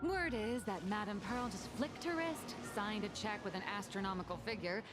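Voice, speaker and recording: A woman's voice: mid-range voice, animated, moderate pace, lightly acted. Lady voicing a sly gossipy young woman, music faint in the back. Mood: wry. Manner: wry, gossipy. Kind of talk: game voice acting. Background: game music.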